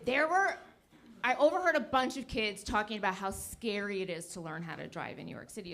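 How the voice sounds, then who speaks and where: A woman's voice: mid-range voice, a little fast, fairly bright tone. A woman in her fifties doing a stand-up comedy set, teasing the crowd and laughing at her own jokes. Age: 50s.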